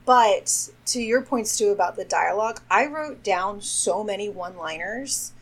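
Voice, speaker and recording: A woman's voice: mid-range voice, unhurried, fairly bright tone, slightly rough. Chatty woman film podcaster. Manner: chatty, acts out lines from the film. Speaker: podcast co-host. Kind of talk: casual film discussion.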